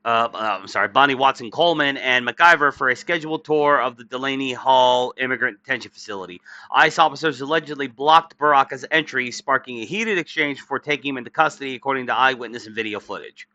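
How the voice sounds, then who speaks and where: A worn-out man delivers crude, sarcastic political commentary, reading news items aloud and tripping over the words with lots of uhs. His voice is very bright and sharp in tone. The recording is dry and a bit dull, like a cheap home mic. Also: medium pitch, no echo. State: tired, yawning. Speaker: political commentary channel host.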